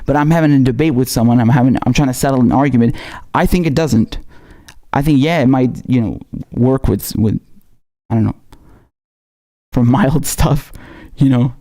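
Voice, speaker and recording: A raspy-voiced man with a dark, mellow tone hosts a casual live stream. He talks in a loose, slangy way, stopping and restarting as he reads viewer messages aloud. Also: mid-range voice, moderate pace. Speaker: livestream host.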